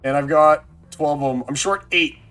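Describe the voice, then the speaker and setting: Excitable game streamer man, fairly high voice. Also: normal speed, soft background music. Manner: excitable, talks to chat, thinks aloud. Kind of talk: casual live-stream chat.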